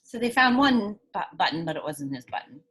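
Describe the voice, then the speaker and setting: A woman's voice: on the low side, a little fast, breathy edge. A woman teacher reading a picture book aloud to children, stopping to ask them questions. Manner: animated, asks children questions.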